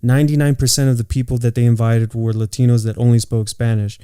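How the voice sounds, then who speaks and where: A man's voice: medium pitch, flat delivery, quick pace, mellow, smooth, no room sound, studio quality. A man from California, co-hosting a podcast and telling work stories in a loose, profane way with lots of "like" fillers. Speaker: podcast co-host. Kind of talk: casual chat.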